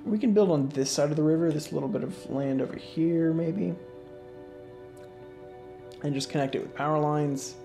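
Sleepy, mellow-voiced man explaining his game. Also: on the high side, normal speed, gravelly, pauses often. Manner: relaxed, rambling, many fillers and restarts. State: sleepy, yawning. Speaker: gaming channel host. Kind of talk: casual let's-play commentary. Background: faint game music.

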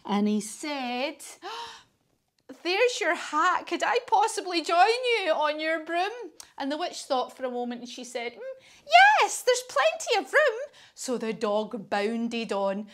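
A woman's voice: high voice, fairly bright tone. A woman with a British accent leading a children's yoga class, telling a story in an encouraging, sing-song way. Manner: encouraging, sing-song, coaxing kids along.

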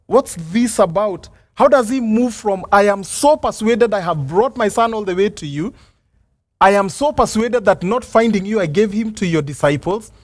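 A pastor preaching a sermon, earnest and reflective, asking rhetorical questions and sometimes stumbling over restarts. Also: male voice, high voice, no echo. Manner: hesitant restarts and fillers.

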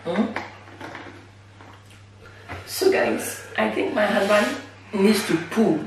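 Slow, laughing woman vlogger in echoey room. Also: mid-range voice, far from the mic, heavy background noise. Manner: laughs often, teasing. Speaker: mukbang vlogger. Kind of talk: casual chat to camera.

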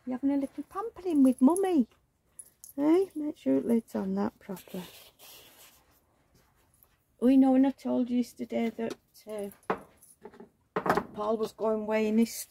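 Gravelly, soft-toned woman. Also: a little high. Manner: coos and baby-talks, chatty gossiping asides. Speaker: reborn doll vlogger. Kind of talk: casual chat while dressing a doll.

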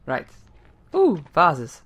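Young male let's-play host, bright, slightly high voice, sarcastic banter. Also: wildly swooping pitch, very slow, slightly rough, lo-fi sound. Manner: sarcastic, self-mocking, laughs often. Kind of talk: joking gameplay commentary.

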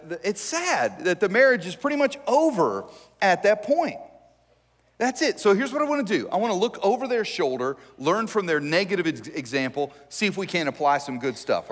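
A pastor preaching to his church, a man with a fairly high voice who tells the story with jokes and lots of animation. His voice rings out in a big sanctuary with a long reverb tail. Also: fairly bright tone. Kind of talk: conversational sermon.

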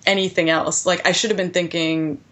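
A woman in her thirties, a podcast guest recounting a personal story in an animated way, with many "like" fillers. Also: lowish voice, normal speed. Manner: animated, heavy use of "like" fillers.

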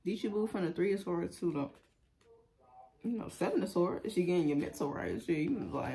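A woman's voice: on the low side, expressive, a little fast, creaky, mellow. Blunt, profane woman reading tarot. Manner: blunt and profane, loose and chatty. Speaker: tarot reader.

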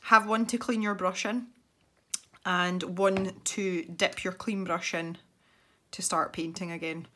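A woman's voice: on the low side, fairly even intonation, slow pace, pushed and bright, slight background noise. A Scottish woman chatting casually as she paints, thinking aloud and wandering into rambling asides. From Scotland. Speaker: art channel host. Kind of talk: casual chat while painting.

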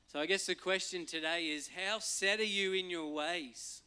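A man, a pastor giving a relaxed, conversational sermon and acting out voices now and then. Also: high voice, moderate pace, clear, resonant tone. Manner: conversational, acts out voices and quotes for humor.

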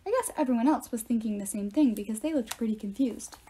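Mellow woman reading a novel aloud. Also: fairly high pitch, fast, a little hiss or hum. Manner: steady first-person storytelling. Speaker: reader.

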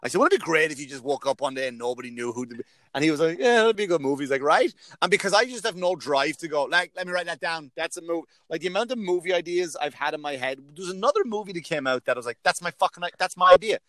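A man's voice: a little high, fast talker, fairly bright tone, no room sound. A man who is a comedian and podcast host, talking in a rambling, self-mocking way and swearing often in casual chat.

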